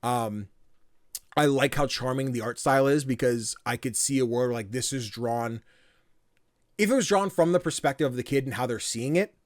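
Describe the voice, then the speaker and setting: A man's voice: medium pitch, moderate pace, dry recording, clean studio sound. Rambling man in casual podcast chat. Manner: rambling, full of fillers and acted-out quotes. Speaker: podcast co-host.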